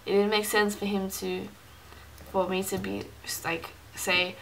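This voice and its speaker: A woman telling a personal story on her vlog in a loose, rambling way, slipping into little acted voices for the people she quotes. Her voice has a gravelly, creaky edge. A faint background noise runs under the recording. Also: mid-range voice, level tone, unhurried, a bit bright, rough recording. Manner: rambling, many fillers, acts out quoted dialogue. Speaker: Christian vlogger.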